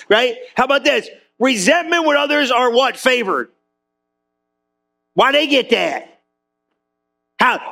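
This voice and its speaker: High-pitched, energetic preaching man. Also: a little fast, faint music behind. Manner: energetic, conversational, high-spirited with frequent asides. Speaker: pastor. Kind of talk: sermon. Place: church.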